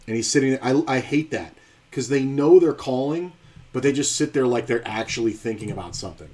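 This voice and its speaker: Streaming online poker, a man thinks aloud through his hands in live commentary, blunt and profane. His mid-range voice is fairly quick, with a darkish tone.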